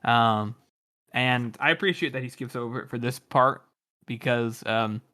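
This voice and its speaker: A man's voice: medium pitch, a little slow, bright, forceful tone. A man co-hosting a podcast, rambling through his opinions on a book chapter with casual swearing. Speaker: podcast co-host.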